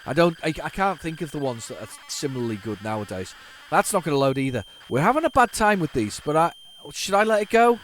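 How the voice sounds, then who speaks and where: A man's voice: on the high side, very animated, fairly quick, few pauses, slight background noise, poor audio. A man hosting a retro gaming video, chatting casually to viewers as he rambles, stumbles and restarts his sentences. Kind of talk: casual running commentary.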